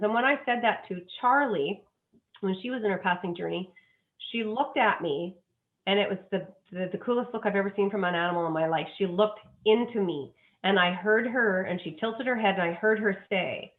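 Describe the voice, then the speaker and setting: A woman's voice: mid-range voice, moderate pace. A woman, a dog psychic guest, talking earnestly and effusively with many restarts. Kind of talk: emotional interview talk. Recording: tinny phone line.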